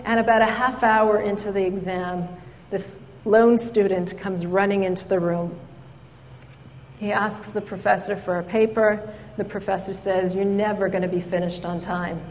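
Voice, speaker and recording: A woman giving a storytelling speech at an event, lively as she acts out the people in her stories. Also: a little high. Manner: animated storyteller, acts out quoted voices. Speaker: speaker at an event. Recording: hall reverb.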